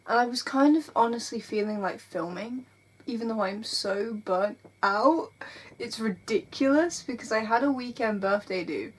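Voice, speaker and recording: A woman, vlogging in a rambling, self-mocking way from an airbed in her bedroom. She is burnt out and tearful, and laughs often. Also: fairly high pitch. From England. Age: 20s. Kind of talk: casual confessional vlog.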